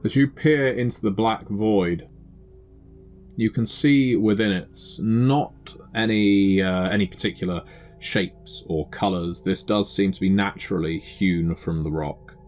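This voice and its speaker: A man narrating a tabletop game as game master, describing scenes in a measured way with the odd filler. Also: on the low side, darkish tone, faint music behind.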